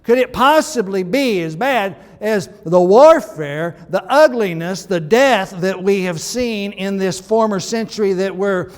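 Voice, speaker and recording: A man's voice: high-pitched, animated, unhurried, few pauses, long reverb tail. A male pastor preaching a sermon in a conversational, emphatic way, with frequent restarts.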